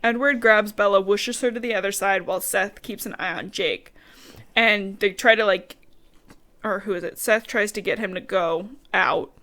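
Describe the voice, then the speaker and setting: A woman's voice: mid-range voice, moderate pace, sharp tone. Woman podcast co-host, casual recap, chatty and sweary, lots of quoted asides. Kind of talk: casual book recap chat.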